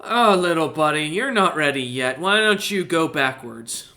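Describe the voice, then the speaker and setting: A man voicing a loud, burly male Goliath who talks with a thick, heavy Australian-like accent and bellows his lines. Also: fairly high pitch, animated, moderate pace. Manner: bellowing, hearty.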